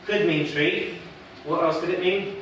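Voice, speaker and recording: A male dog trainer leads a workshop in a conversational way, asking the audience questions. His voice is on the high side, unhurried and fairly bright, heard from far off in an echoey workshop room with slight background noise.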